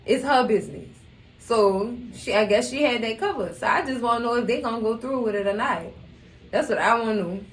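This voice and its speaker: A woman's voice: a little high, a little fast, far from the mic, a little hiss or hum. A young woman, chatting casually about a show, acting out quotes and laughing often. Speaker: recap channel host. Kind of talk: casual TV recap chat. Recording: echoey room.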